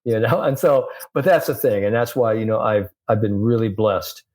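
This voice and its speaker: An older man, a sports psychologist, telling a story in an interview and lively acting out the voices of the people in it. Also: on the low side, normal speed.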